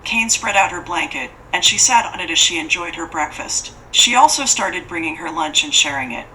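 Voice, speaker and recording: A woman giving a steady, measured scripted horror narration as an audiobook narrator. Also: lowish voice, a little hiss or hum, low-quality recording.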